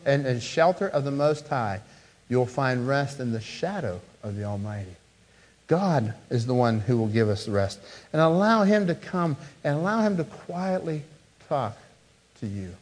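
Earnest man preaching a sermon. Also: a little high. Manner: earnest, swings from loud emphasis to hushed softness; repeats and restarts words. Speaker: pastor.

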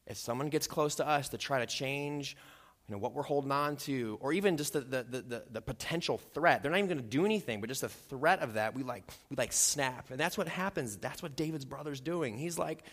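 A man preaching a conversational sermon as pastor, acting out quotes with lively voices. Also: mid-range voice, quick pace. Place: church sanctuary. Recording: long hall reverb.

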